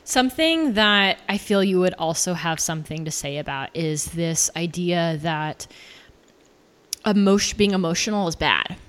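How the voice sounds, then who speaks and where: A woman's voice: lowish voice, lively intonation, moderate pace, a bit bright, clean tone. A woman coach hosting a casual conversation, speaking earnestly and stretching words for emphasis. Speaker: podcast host, coach.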